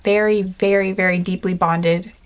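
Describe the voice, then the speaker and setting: A woman giving an intuitive pick-a-card reading, chatting gently and earnestly with lots of fillers and restarts. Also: medium pitch, steady tone, moderate pace. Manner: rambling, many fillers and restarts. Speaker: tarot card reader.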